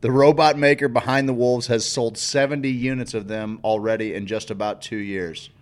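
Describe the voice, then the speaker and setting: A man's voice: mid-range voice, fairly even intonation, moderate pace. Wry male podcast co-host. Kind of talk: casual chat.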